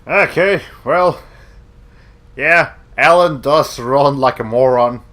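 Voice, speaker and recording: A young man commentating on a game stream in a rambling, jokey way with quick asides. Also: mid-range voice, a bit bright. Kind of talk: let's play commentary.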